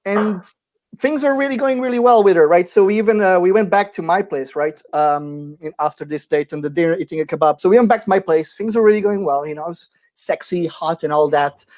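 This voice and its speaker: A man's voice: high-pitched, fairly quick, a little mellow. A man from Portugal doing a crude, laughing stand-up story over a video call, with lots of fillers. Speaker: stand-up comedian. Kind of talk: stand-up set and banter.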